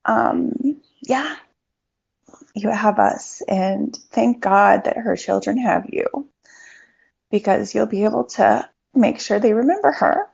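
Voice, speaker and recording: A woman hosting a live online chat, talking in a warm, reassuring, soft-spoken way, over dull lo-fi online audio. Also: mid-range voice, slow pace, gravelly, breathy edge. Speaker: host. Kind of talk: casual chat.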